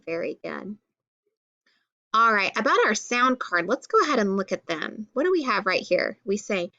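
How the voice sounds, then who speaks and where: A woman teaching a phonics lesson to children, speaking clearly and encouragingly and sounding out letters slowly. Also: mid-range voice, expressive, bright, forceful tone, dry recording, lo-fi sound.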